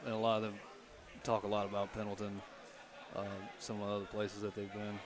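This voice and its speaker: A man's voice: fairly low pitch, monotone, fairly quick, a crowd in the background. A man giving casual live commentary at an outdoor strongman event, chatting and laughing easily.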